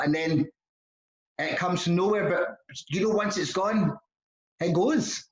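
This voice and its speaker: A man speaking as a guest in a casual conversation, explaining things in a thoughtful, measured way. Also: a little high. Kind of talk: casual chat. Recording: echoey, dull remote audio.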